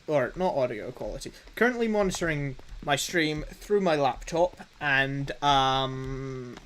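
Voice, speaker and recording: A man chats on a live game stream in an unhurried, drawn-out way. His voice sits somewhat high for a man, and he stops and starts as he fiddles with his setup. He keeps a dry, self-mocking humour throughout. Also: poor audio. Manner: halting, fumbling through tech setup with many restarts. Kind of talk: casual live-stream chatter.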